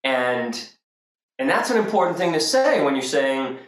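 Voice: mid-range voice, big pitch swings, a little slow, roomy sound, poor audio. A spiritual workshop teacher talking casually to a group, acting out quoted voices and laughing along.

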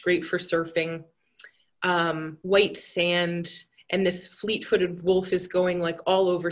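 A woman's voice: lowish voice, a bit bright. A woman recounting a vision journey in a rambling, hesitant and earnest way, with many fillers and restarts. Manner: earnest and reflective.

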